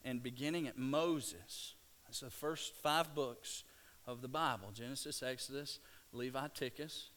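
Slow-paced animated male preacher. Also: medium pitch, a little hiss or hum. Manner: animated storytelling, stammering restarts. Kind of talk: sermon.

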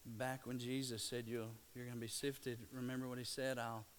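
A man from Louisiana, preaching a sermon and swinging between hushed, slow passages and loud, excited bursts. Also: mid-range voice, a little hiss or hum. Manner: dynamic, swings from hushed to shouting. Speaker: pastor.

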